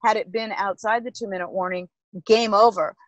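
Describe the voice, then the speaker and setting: A middle-aged woman, a former team executive, telling stories in an emphatic, lively interview manner. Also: mid-range voice, brisk, no room sound, rough recording. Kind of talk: animated interview storytelling.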